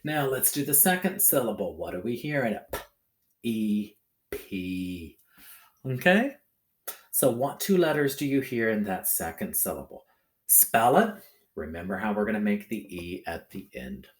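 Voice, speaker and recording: A man teaching a recorded phonics lesson to children, talking in a slow, sing-song way and checking in often with the listener. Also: fairly low pitch, sing-song. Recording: echoey room.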